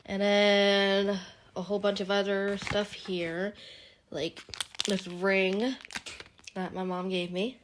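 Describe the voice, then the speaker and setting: Young woman, slightly hoarse from a cold, rambling casual vlog chat, giggly. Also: on the low side, a bit bright, slight background noise. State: partly lost voice from being sick. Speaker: vlogger. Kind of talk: casual chat showing gifts. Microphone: handheld phone, no tripod.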